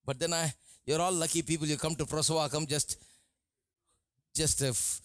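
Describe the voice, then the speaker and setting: A male preacher giving a sermon, animated and often laughing as he acts out what people say. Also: a little high, moderate pace, dry recording. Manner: animated, laughing, mimics voices in quotes.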